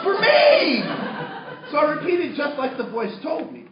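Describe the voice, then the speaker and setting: Animated storytelling man in a roomy hall. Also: extremely high pitch, measured pace, long pauses, a crowd in the background. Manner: animated, many restarts, acts out his own lines. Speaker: trainer. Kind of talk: storytelling talk to a workshop audience. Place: training room with audience. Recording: distant roomy muffled room recording.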